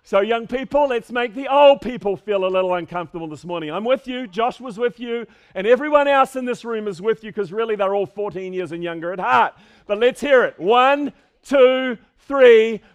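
A man with a high voice delivers a lively sermon in a church sanctuary. He swings from booming calls to quiet asides, pushing his congregation along. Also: brisk, few pauses, smooth. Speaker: pastor.

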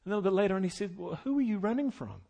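A middle-aged male pastor preaching a sermon, moving between loud, emphatic preaching and quiet, folksy storytelling with chuckled asides. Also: high-pitched, sing-song, very fast, gravelly, muffled recording.

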